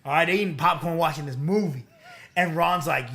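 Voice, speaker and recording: Young male co-host, high-pitched, animated, recaps shows by acting out the scenes. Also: normal speed. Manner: animated, acts out quoted lines. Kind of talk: casual chat.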